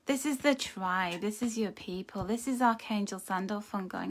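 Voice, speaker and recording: A woman's voice: mid-range voice, normal speed, hardly any pauses. A woman giving a live oracle card reading in a dim room, talking in an earnest, emotional way that often sinks to a near whisper. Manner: soft, intimate, often dropping to a near whisper. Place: dim room lit by a starlight projector.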